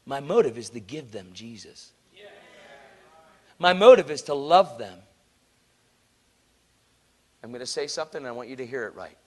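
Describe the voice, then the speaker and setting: A man preaching a sermon, telling a story in an animated, earnest, conversational way and acting out the people in it. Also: mid-range voice, moderate pace, long pauses.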